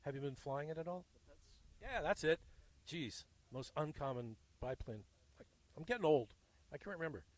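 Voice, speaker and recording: A man hosting a field interview outdoors at a small airfield, telling animated, jokey stories into a handheld mic. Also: on the high side, moderate pace, long pauses. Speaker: host.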